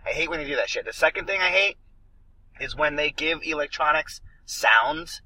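A man's voice: on the high side, expressive, normal speed, pushed and bright, poor audio. A man ranting and swearing as he picks apart an action movie in a casual podcast chat. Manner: ranting, profane, emphatic. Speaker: podcast co-host.

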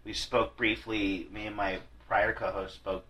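A man's voice: fairly low pitch, little pitch movement, measured pace, pushed and bright, poor audio. A man hosting a podcast in casual chat, rambling and self-deprecating, with frequent swearing and restarts. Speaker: podcast host.

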